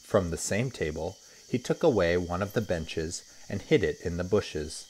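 A man, a teacher, reading a children's story aloud with expressive storytelling. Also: sits low, normal speed, slight background noise.

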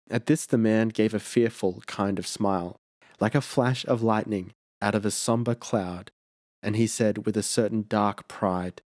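A man narrating an audiobook story in a measured storytelling manner. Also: fairly low pitch, fairly even intonation, darkish tone, no echo, studio quality. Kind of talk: scripted narration.

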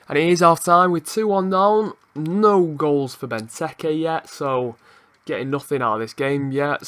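A young man hosting his gaming channel, giving live play-by-play commentary that turns excitable, with shouting at the game and swearing. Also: mid-range voice.

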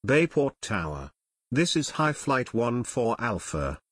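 A man's voice: medium pitch, big pitch swings, slow pace, a bit bright, breathy edge, no room sound, clean studio sound, heavily acted. A man reading the part of a male pilot calling on the radio, with clipped, formal radio phrasing, in an audiobook.

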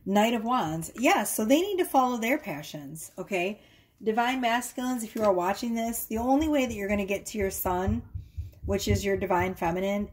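A woman's voice: mid-range voice, a little mellow. A woman giving a casual tarot reading from her home workroom, talking in a chatty way with fillers and frequent tag questions. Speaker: tarot reader.

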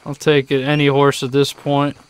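A man's voice: medium pitch, completely flat delivery, moderate pace, a little hiss or hum. A young man streaming a video game, swearing, complaining and laughing in mock grief. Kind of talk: casual game commentary.

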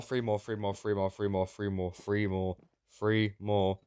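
A man giving excitable, sarcastic gameplay commentary, prone to sudden yelps. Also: fairly low pitch, slow pace, smooth, dry recording. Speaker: Minecraft YouTuber.

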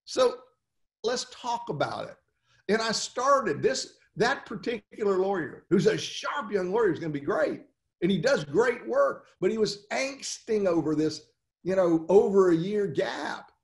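A man coaching lawyers in a webinar talk, telling stories and firing off rhetorical questions in an animated way. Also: high voice, a little slow, gravelly, reverberant.

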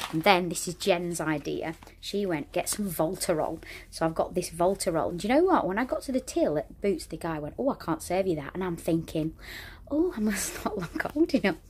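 A woman's voice: fairly low pitch, a little hiss or hum. A middle-aged woman, chatting to camera in a rambling, laughing vlog from a relative's home. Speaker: vlogger. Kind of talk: casual chat to camera.

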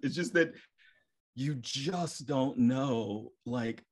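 Animated man telling stage stories. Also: mid-range voice, extremely slow. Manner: animated, acts out his own inner thoughts. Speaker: podcast guest, stage performer. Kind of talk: casual storytelling interview.

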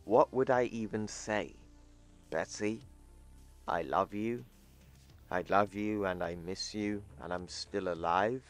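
A lonely, brooding scientist mutters to himself in a low voice, read out by a man. He speaks slowly and heavily. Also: soft background music. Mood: self-loathing.

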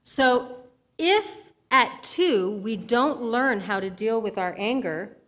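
A woman's voice: on the high side, lively intonation, takes it slowly, a bit bright. A woman giving conversational sermon-style teaching in a church, checking with her listeners as she goes. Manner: conversational teaching, asks the audience if it makes sense. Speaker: speaker at a church service.

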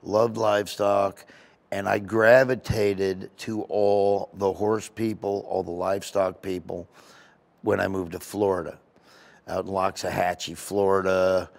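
Animated man telling rambling stories. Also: low-pitched, creaky. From United States. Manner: animated, rambling anecdotes with quick voice impressions. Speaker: comedian guest. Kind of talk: casual interview storytelling.

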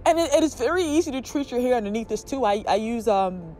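A woman's voice: on the high side, lively intonation, fast talker, mellow, soft background music. A young woman reviewing hair products in a casual vlog, earnest and emphatic, repeating her points.

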